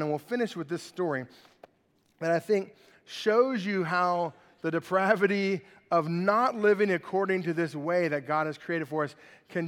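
A pastor preaching a sermon and reading scripture, acting out the characters with animated voices. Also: male voice, on the high side, long reverb tail.

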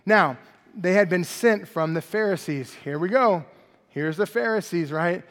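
A male pastor preaching an expository sermon in a conversational, animated way, often checking in with the congregation. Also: high-pitched, a little slow, in a large hall. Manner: conversational, animated preaching with frequent "right?" asides.

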